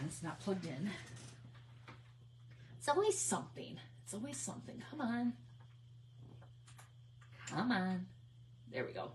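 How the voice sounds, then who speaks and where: A woman hosting a casual crafting livestream on her phone, chatty and giggly, nervously excited as she talks to viewers. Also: fairly low pitch, slight background noise. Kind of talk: casual live crafting chat.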